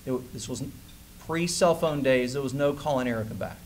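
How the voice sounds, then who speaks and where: Guy in his 40s at a conference, telling his story all animated, mid-pitched voice, bit of faint noise behind. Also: fairly quick. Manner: animated storyteller who acts out quoted dialogue. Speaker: keynote conference speaker. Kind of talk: personal story in a conference speech. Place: conference hall stage.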